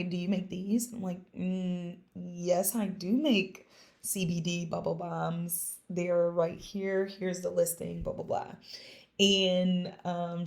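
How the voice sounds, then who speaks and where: A young woman in casual podcast chat, telling a lively story, acting out quoted lines and laughing often. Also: fairly low pitch, gravelly. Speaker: podcast guest, small business founder.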